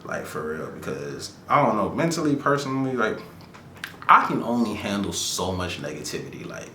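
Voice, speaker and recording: Deep-voiced man ranting casually in an echoey room. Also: normal speed, a little hiss or hum. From Florida, USA. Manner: laid-back slangy rant, animated asides. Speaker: podcast host. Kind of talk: casual solo commentary.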